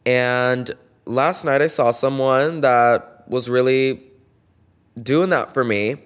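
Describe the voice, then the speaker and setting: A young man hosting a casual solo podcast, gossiping in a campy, playful way and swinging between loud bursts and soft asides. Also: mid-range voice, slow pace, clean tone. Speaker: podcast host.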